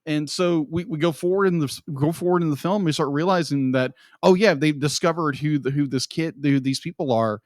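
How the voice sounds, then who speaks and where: A man's voice: fairly high pitch, fairly quick, hardly any pauses, a little mellow, no room sound. A young man co-hosting a podcast, gushing emotionally about a film in casual chat and repeating himself often. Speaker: podcast co-host.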